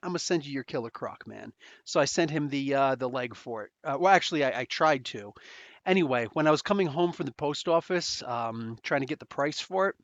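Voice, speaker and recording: A man's voice: medium pitch, lively intonation, brisk, dry recording, muffled recording. A man from New Jersey with a New Jersey accent, hosting a podcast and telling a story in a rambling, slangy way. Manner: rambling, many fillers and restarts, slangy. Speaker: podcast host. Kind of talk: casual storytelling.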